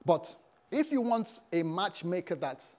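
Male pastor, sermon, humorous, engages congregation, lively swooping pitch. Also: a little slow.

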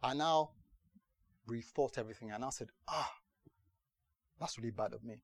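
Male pastor, mid-pitched voice, sermon storytelling, dry close sound. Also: normal speed, no echo. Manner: storytelling, repeats "do you understand". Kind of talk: sermon testimony.

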